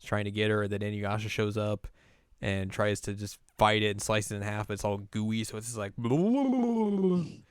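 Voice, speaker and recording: A man's voice: fairly low pitch, monotone, a little fast, fairly bright tone, clear, resonant tone, dry recording, studio quality. A man co-hosting a podcast, casually recapping an anime episode and slipping into playful voices for the characters. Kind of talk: casual chat.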